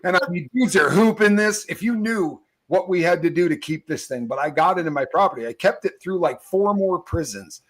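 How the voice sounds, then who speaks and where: A middle-aged man who tells stories with lively energy and laughs through his sentences. His voice sits fairly high for a man, and he talks in loose slang as a show host. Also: brisk, hardly any pauses. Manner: animated storyteller, laughs mid-sentence, slangy. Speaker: podcast host. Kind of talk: casual storytelling chat.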